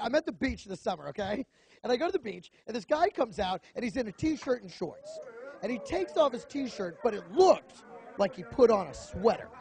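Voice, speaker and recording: A young man doing a stand-up comedy routine on a club stage, telling stories animatedly and slipping into quick voices. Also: very high voice, a little mellow. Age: young adult.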